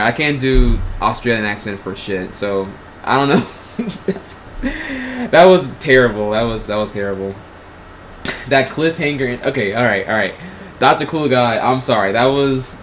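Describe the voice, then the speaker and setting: A man's voice: mid-range voice, a bit bright, a little hiss or hum, poor audio. A man streaming, reading crude fan fiction aloud in a comedic way. He often laughs and stumbles over the words. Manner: breaks into laughter, crude and casual.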